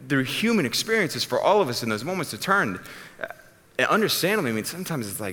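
A man's voice: medium pitch, fast. A man preaching a sermon as a pastor, telling the story casually and acting out the people in it. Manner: casual, animated storytelling with acted-out voices. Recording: long hall reverb.

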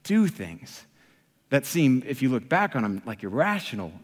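A man preaching to a live audience, telling a humorous personal story in an animated, self-mocking way. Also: mid-range voice, moderate pace. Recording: long reverb of a large hall.

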